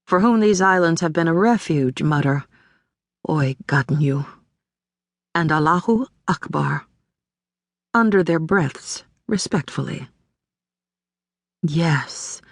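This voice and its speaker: A woman narrating a literary audiobook in a measured, deliberate way, recorded on a close studio mic. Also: fairly low pitch, no room sound.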